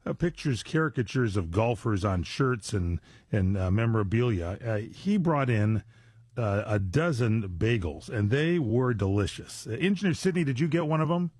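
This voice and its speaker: A man's voice: mid-range voice, lively intonation, moderate pace, darkish tone, no echo. An older man hosting a radio show in casual, rambling chat full of fillers and jokes, recorded on a studio mic. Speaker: radio host. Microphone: studio microphone.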